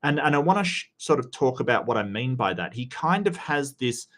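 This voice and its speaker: A man's voice: mid-range voice, very animated, brisk, a bit bright. A man giving casual commentary on video clips, rambling and often stammering as he restarts his sentences. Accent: non-American.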